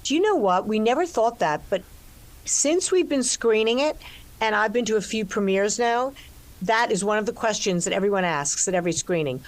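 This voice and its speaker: An older woman talks freely about her work in a relaxed interview. She circles back on her words, starts over, and fills the gaps with "you know." Her voice sits at a middle pitch. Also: moderate pace. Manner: expansive, restarts often, many "you know"s. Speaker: actress and co-writer discussing her film. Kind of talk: conversational interview.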